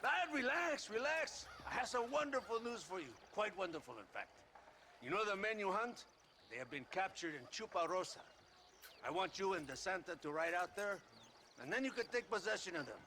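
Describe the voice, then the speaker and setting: A man's voice: high voice, expressive, a little fast, bright, forceful tone. An actor playing a boastful, leering male army officer who laughs and mocks as he talks. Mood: gloating. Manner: laughing, mocking, theatrical. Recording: game audio with faint noise.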